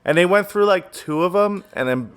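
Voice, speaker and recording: A man co-hosting a podcast, talking in a laid-back, halting way with fillers and laughs. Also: high voice, lively intonation, clear, resonant tone. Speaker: podcast co-host. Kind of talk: casual podcast chat.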